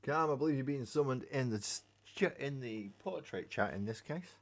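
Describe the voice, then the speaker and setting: A man's voice: medium pitch, animated, normal speed. A man hosting a casual live stream while painting miniatures, rambling, joking and swearing freely. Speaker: hobby streamer. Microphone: webcam mic.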